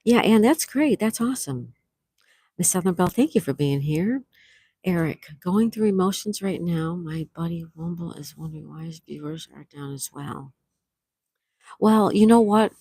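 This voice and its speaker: A woman's voice: fairly low pitch, warm tone, no room sound, clean studio sound. Chatty woman host greeting her viewers. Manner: chatty and upbeat, greets viewers by name with frequent laughs. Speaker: livestream host. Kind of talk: casual live chat, reading out comments. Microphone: remote mic.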